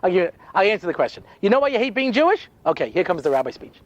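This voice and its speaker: Fast, animated sarcastic rabbi. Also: male voice, high-pitched, no room sound, muffled recording. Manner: sarcastic, wry storytelling with many asides. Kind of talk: humorous storytelling lecture.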